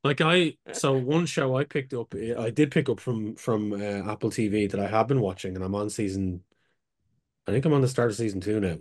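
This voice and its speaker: A man's voice: lowish voice, moderate pace, no room sound, clean studio sound. A man co-hosting a podcast in casual chat, rambling and hesitant as he talks. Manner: rambling, hesitant, many fillers and restarts. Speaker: podcast co-host.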